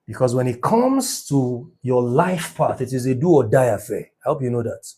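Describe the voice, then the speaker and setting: A man teaching numerology in an emphatic, preacher-like motivational lecture, his voice rising to near shouts. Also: mid-range voice, animated, moderate pace, a little hiss or hum.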